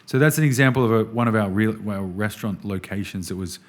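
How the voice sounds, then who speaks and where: Australian male podcast guest, casual and lively, full of anecdotes. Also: lowish voice, fast talker. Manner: animated storyteller, says "man" often. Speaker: restaurant executive guest.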